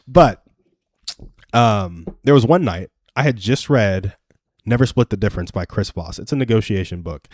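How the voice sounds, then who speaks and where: A man's voice: lowish voice, darkish tone, dry recording, studio quality. A young man hosting a livestream, telling a personal story in earnest, chatty advice talk. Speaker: livestream host. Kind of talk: casual advice chat.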